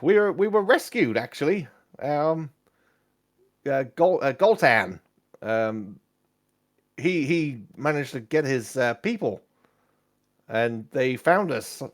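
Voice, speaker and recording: A man voicing an excitable male friend of the adventuring party, who talks eagerly but falters with fillers. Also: mid-range voice, slow pace, pauses often, voice pushed up. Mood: rattled.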